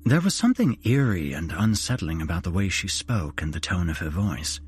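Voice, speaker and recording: A man hosting a horror podcast, narrating a first-person ghost story in a measured, dramatic way. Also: low voice, sing-song, a little hiss or hum.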